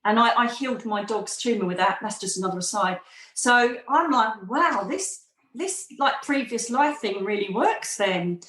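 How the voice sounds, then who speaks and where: Guest, middle-aged woman, animated storyteller; slightly high pitch, roomy sound. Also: normal speed. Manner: animated, acts out quoted voices. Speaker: podcast guest. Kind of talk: storytelling in an interview.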